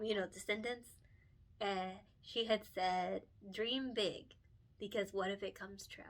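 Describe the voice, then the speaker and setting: Here the picture book illustrator, a young woman with a medium-pitched, fairly bright voice, chats casually and earnestly as she colors. Her talk is full of fillers, self-corrections, and laughter, and she sounds emotional and encouraging.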